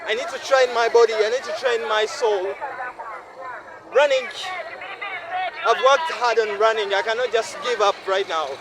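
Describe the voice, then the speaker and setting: A man's voice: sits high, fairly even intonation, moderate pace, long pauses, a crowd in the background, low-quality recording. A man in his twenties from Uganda with a Ugandan accent, talking earnestly in a casual vlog monologue and often checking in with the listener. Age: 20s. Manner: earnest, repetitive, asks listener "no?". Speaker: vlogger. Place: outdoors by a city road.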